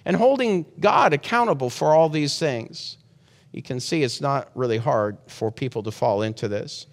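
A man's voice: mid-range voice, expressive, normal speed, big-room sound. A man preaching a sermon in an earnest, conversational way, often restarting his sentences.

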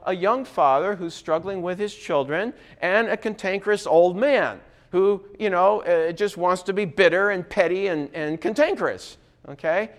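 A man teaching a recorded Bible class in a conversational way, often checking in with his listeners. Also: high-pitched. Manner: conversational, frequent "okay?" check-ins.

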